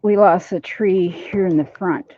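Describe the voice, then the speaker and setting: A woman's voice: on the low side, unhurried. An older woman vlogging in a casual, rambling way from her home and yard, laughing easily as she chats. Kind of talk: casual chat. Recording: dull lo-fi phone audio.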